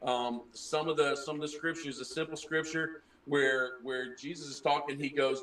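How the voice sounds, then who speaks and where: A man's voice: fairly high pitch, a little fast, fairly bright tone, echoey room, far from the mic, rough recording. A man who trained as a preacher, earnestly explaining things in a casual group chat and often restarting his words. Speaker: former preacher.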